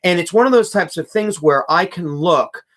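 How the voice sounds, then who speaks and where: A man's voice: high-pitched, animated, moderate pace, fairly bright tone. A young man, a music teacher, hosting a live stream, reading chat comments aloud and talking casually with many restarts and fillers.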